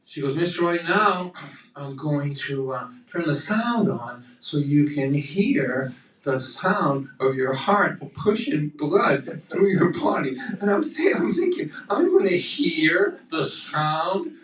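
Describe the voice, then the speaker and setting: An older man tells a comic story on a coffeehouse stage, his voice sitting a little high. He is animated, acting out voices and thumping heartbeat sounds. The sound is roomy and picked up from a distance. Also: slow. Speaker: storyteller performer. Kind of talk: live storytelling comedy.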